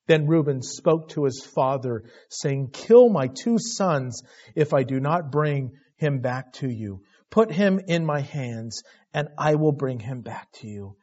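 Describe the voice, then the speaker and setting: Here a man with a mid-range, darkish voice and lively intonation preaches at an unhurried pace. As a Bible teacher, he reads passages aloud and recounts them in a conversational style, his emphasis steadily growing, all captured in dull lo-fi audio.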